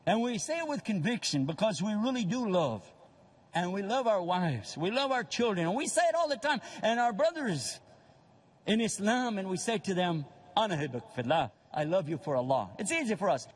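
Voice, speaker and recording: An older man preaching a lively religious lecture, acting out other people's voices for humor. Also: high-pitched, moderate pace, husky, big-room sound. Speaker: Islamic preacher.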